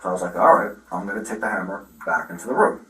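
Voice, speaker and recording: A middle-aged father telling the police a long, halting account with many restarts, recorded on a body camera. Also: fairly low pitch, animated, sharp tone. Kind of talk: recounting events in a conversation. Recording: roomy, from far off the mic.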